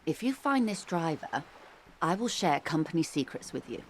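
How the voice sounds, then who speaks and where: An actress voicing a composed, calculating corporate woman negotiator in a video game, measured and persuasive. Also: low voice, sing-song, a little hiss or hum. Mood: calm, persuasive.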